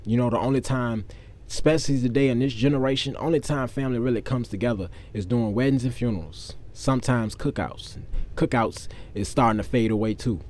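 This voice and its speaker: A man's voice: mid-range voice, a little mellow, a little hiss or hum. Man telling a story, plain and profane. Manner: candid, profane, conversational. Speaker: vlogger. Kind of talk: casual storytelling.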